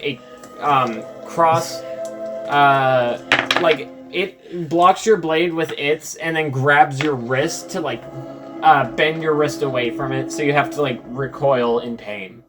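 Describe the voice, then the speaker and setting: A man's voice: fairly high pitch, fairly even intonation, unhurried, over music. A man narrating and refereeing a tabletop game in a loose, casual way, with many fillers. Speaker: game master.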